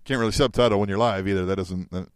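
A man's voice: fairly low pitch, steady tone, fast, clear, resonant tone, no echo. A man co-hosting a wrestling podcast, reading listener tweets aloud and chatting with wry remarks.

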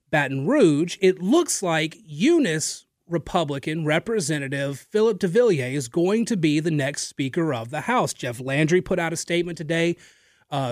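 A slightly high male voice comes through a studio microphone, clean and free of room sound. The speaker is a radio talk show host making a strongly opinionated political monologue straight to listeners, with an occasional filler and some repeated words.

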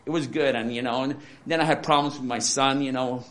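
A man in his sixties giving a candid, rambling personal testimony with dark humor, often restarting his sentences. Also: medium pitch, steady tone, a little fast. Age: 60s. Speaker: interviewee. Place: support center.

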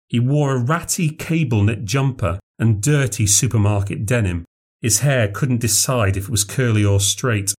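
A man with a British accent narrating a horror story in a measured, dry way. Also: medium pitch, a little mellow.

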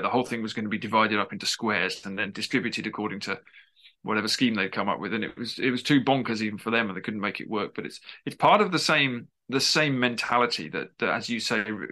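Guy rattling through big ideas fast, sharp bright tone, keeps restarting sentences. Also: on the low side. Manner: discursive, emphatic, with frequent restarts. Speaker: author, interview guest. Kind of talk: conversational interview.

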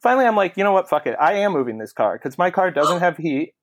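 A man co-hosting a casual podcast, his voice sitting a little high for a man. He tells stories with energy, swears freely and acts out the lines of the people in them. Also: fast. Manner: animated storyteller, swearing, acting out quoted voices. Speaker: podcast co-host. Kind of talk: casual storytelling chat.

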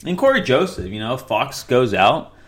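A man's voice: medium pitch, sing-song, moderate pace, a bit bright. A young man hosting a casual solo sports podcast, rambling and correcting himself often. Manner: rambling, self-correcting, with frequent fillers. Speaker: podcast host.

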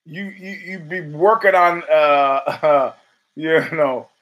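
A man's voice: on the high side, slow pace, highs cut off. A man hosting his own show, giving rambling, profane solo commentary full of restarts and fillers. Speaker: podcast host.

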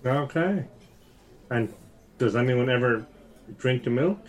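Slow-talking easygoing male player. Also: medium pitch, animated. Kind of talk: playing his character in a tabletop game.

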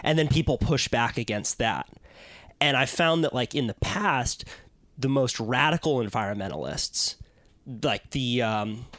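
Podcast host, man, mid-pitched, chatty, thinking aloud, dry booth sound. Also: animated, unhurried, a bit bright, no room sound. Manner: conversational, uses many fillers while explaining. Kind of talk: casual chat. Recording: dry close-mic sound.

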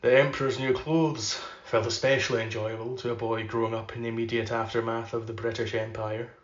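Male podcast host doing an unhurried literary reading, mid-pitched voice, roomy and slightly muffled recording. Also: flat delivery. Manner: measured, unhurried reading; loose and filler-heavy when chatting.

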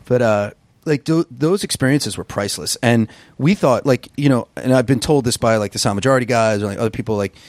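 A man from Long Island, a podcast guest and musician, telling road stories in a casual interview, animated and swearing freely. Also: medium pitch, a little fast, no room sound. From Long Island, New York. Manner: animated storyteller, swears freely, acts out quotes.

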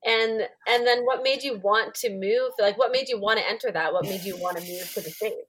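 A woman's voice: medium pitch, fairly quick. A woman hosting a casual podcast interview, chatty and reassuring. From Canada. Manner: relaxed and reassuring, chatty, laughs easily. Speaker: podcast host.

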